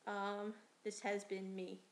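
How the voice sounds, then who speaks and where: A woman's voice: mid-range voice, monotone, takes it slowly, slight background noise. A teenage girl from New York talking casually in a rambling, chatty way, swearing now and then. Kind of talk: casual voice meme monologue.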